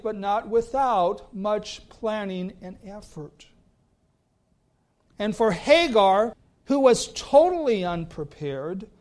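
A male pastor preaching a sermon and reading scripture, deliberate, with his voice sinking soft at the ends of phrases. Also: high-pitched.

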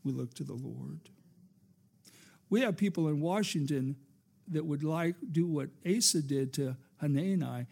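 A man preaches a sermon, in a rather high, gravelly voice. He takes his time, lets his phrases rise and fall for emphasis, and drops to a near hush before asking the congregation for an amen. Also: unhurried. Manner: preacherly, rising and falling for emphasis, calls for amen. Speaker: pastor.

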